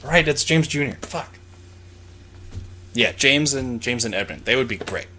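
A man's voice: medium pitch, animated, measured pace, bright, forceful tone, slight background noise. A man co-hosting a podcast, bantering casually and laughing often. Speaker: podcast co-host. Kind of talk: casual chat.

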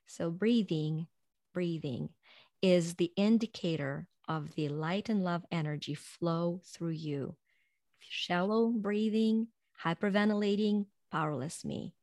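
A woman speaking as a guest in an earnest, reflective motivational talk, going soft and slow when guiding breathing and laughing lightly between points. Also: lowish voice, no room sound, studio quality.

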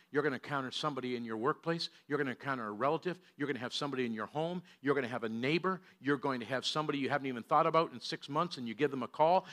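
Bright-voiced older man preaching. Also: mid-range voice. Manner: storytelling preacher, swings from loud to hushed. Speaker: pastor. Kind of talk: sermon.

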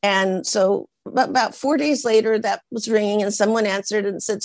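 An older woman from Portland, a guest in an interview, telling a lively story and acting out the lines of the people in it. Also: mid-range voice, normal speed, hardly any pauses, no room sound. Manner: lively anecdotes with acted-out quotes.

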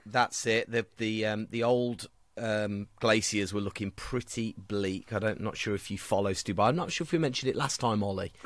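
A man's voice: on the low side, normal speed, few pauses, no room sound. A man co-hosting a podcast in casual chat, telling funny stories. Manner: storytelling, jokey. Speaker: podcast co-host.

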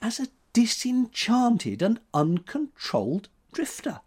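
A headstrong young woman sculptor teases and scolds in a raised, swooping voice, as a male reader puts her on. Her lines come slowly, with big leaps of pitch. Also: very animated, darkish tone, breathy edge, exaggerated voice. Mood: teasing. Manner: teasing, quick-tempered, higher voice.

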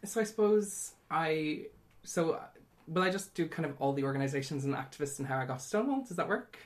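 A woman's voice: low-pitched, lively intonation, a little fast. A young woman in her twenties with an Irish accent, talking candidly and chattily as an interview guest, with many fillers. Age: 20s. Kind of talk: casual interview.

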